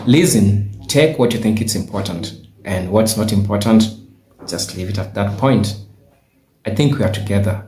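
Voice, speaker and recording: A man who gives earnest, measured advice as a YouTuber, played from his video. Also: on the low side, warm tone. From Kenya. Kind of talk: advice vlog. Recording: roomy echo, played from a video.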